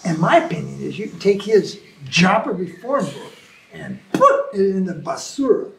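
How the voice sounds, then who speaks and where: Male spiritual teacher, high-pitched, lively and storytelling, recorded from afar in a reverberant room. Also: normal speed, vocal fry, faint music behind. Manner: animated storytelling, mimics chanting. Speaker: spiritual teacher answering questions. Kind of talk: informal Q&A talk. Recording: echoey room from far off.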